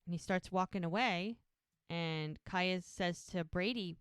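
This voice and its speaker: A woman's voice: fairly low pitch, unhurried, smooth, dry recording, studio quality. A woman co-hosting a podcast, casually recapping a TV episode and retelling each scene while quoting the characters. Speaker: podcast co-host.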